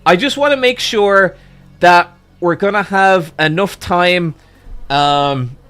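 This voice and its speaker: A man streamer telling a long story in a casual, animated way, swearing freely and jumping into excited exclamations. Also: sits high, slow, clean tone.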